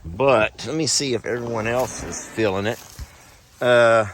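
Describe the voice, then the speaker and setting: A man's voice: medium pitch, measured pace, slight background noise. A middle-aged man talking casually to the camera and cooing at his animals outdoors on a farm. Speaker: farm vlogger.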